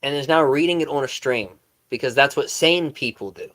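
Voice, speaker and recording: A man's voice: mid-range voice, a little fast, a bit bright. A man hosting a commentary video, making sarcastic, incredulous remarks about a clip.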